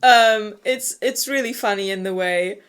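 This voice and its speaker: A woman's voice: mid-range voice, measured pace, fairly bright tone, clear, resonant tone. A woman co-hosting a book club podcast, casually retelling the plot with laughter and disbelief.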